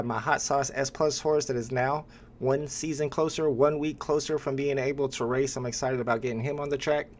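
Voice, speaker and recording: A man hosting a live stream, chatting casually with viewers and pausing often with "uh" as he talks. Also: mid-range voice, slight background noise. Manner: relaxed, chatty, with frequent "uh" pauses.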